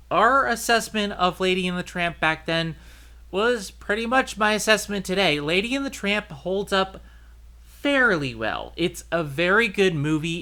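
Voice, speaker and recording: High, bright-voiced man chatting casually. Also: clean tone. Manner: chatty, rambling with fillers and restarts. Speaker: podcast host. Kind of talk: casual chat.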